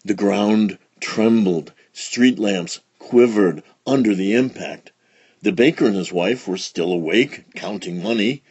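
Slow, expressive man reading a storybook. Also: fairly low pitch, slightly rough, dry recording. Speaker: storybook reader. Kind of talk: children's read-along narration.

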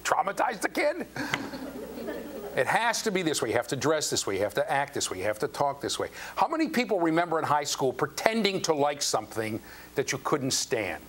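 A man's voice: fairly high pitch, a little fast. An older man lecturing a university class, telling stories and acting out the quotes, often checking in with the students. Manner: animated storyteller, acts out quotes, asks the class questions. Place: lecture hall. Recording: faint background noise and hum.

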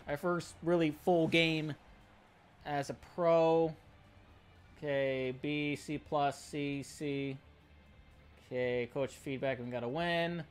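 High-voiced, excitable male gamer. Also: slow pace, long pauses, clear, resonant tone. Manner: excitable, self-deprecating, talks to the screen. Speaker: gamer playing a hockey career mode. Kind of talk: excited let's-play commentary.

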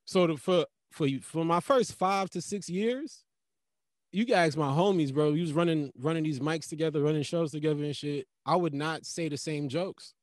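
Animated, profane male comedian guest. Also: fairly high pitch, moderate pace, no room sound, clean studio sound. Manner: loose, profane, animated storytelling. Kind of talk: casual podcast chat.

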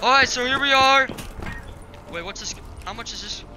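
A teenage boy doing casual gameplay commentary as a gaming YouTuber, excitable and bossy, turning whiny when he loses. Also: very high-pitched, normal speed, slight background noise, rough recording. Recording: game music underneath.

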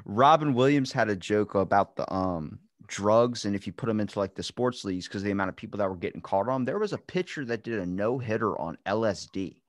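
A man's voice: fairly quick, few pauses, dry recording, studio quality. A man hosting a podcast in casual chat, telling stories animatedly and acting out what people said. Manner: animated storyteller, acts out quotes with big pitch jumps. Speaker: podcast host.

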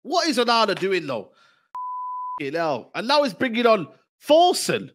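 A man with a very high, bright, animated voice reacting to a football match on stream. He talks slowly and draws his words out, bursting into shouts of joy and then groaning at the defending. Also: slight background noise. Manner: shouting celebrations, slow drawn-out complaints.

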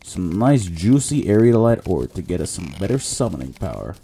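A gaming channel host with a low, sing-song, mellow and slightly rough voice offers casual let's-play commentary at a moderate pace. He mutters a running narration of his actions, half to himself and half to viewers.

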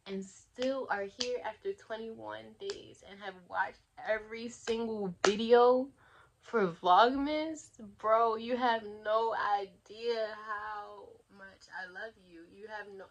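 A woman's voice: mid-range voice, steady tone, slow, background noise. A young woman vlogging to camera in casual, rambling chat, laughing often and talking with lots of fillers.

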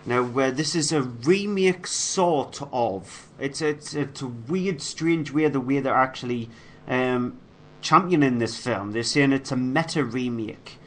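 A man co-hosting a film review show, presenting reviews in a casual, measured way with fillers. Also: mid-range voice, a bit bright, slight background noise.

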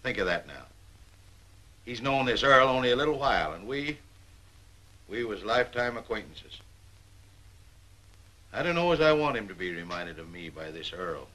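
A gruff old grocer. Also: male voice, fairly low pitch, sing-song, moderate pace, long pauses, sharp tone, poor audio. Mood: grumbling. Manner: blunt, folksy, grumbling. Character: gruff older male grocer, blunt, distrustful of nobles. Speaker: shopkeeper.

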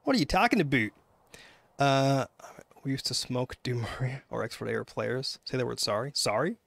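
A man's voice: mid-range voice, moderate pace, creaky, a bit bright, no room sound. A man with a Canadian accent streaming a game live, rambling and chatting with viewers through lots of fillers and restarts. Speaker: gaming livestreamer.

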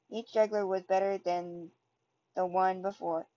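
A woman reading a children's storybook aloud in steady, plain narration. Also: mid-range voice, unhurried, lo-fi sound. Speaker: storybook reader.

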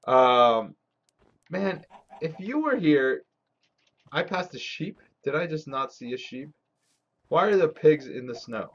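A man's voice: on the high side, big pitch swings, takes it slowly, pauses often, a bit bright. Swearing, frustrated gaming streamer man. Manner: frustrated, swearing, talks to chat. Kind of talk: live game commentary. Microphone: desk mic. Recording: slightly dull lo-fi stream audio.

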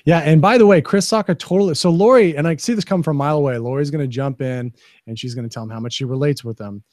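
A man's voice: fairly high pitch, quick pace, no echo, studio quality. Opinionated man hosting a podcast. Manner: opinionated, animated storytelling. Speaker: podcast host. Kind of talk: casual podcast commentary.

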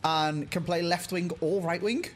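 A man's voice: high-pitched, fairly even intonation, measured pace, faint music behind. A man, a guest on a football video game chat, teasing in a dry way. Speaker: guest player. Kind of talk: casual gaming chat.

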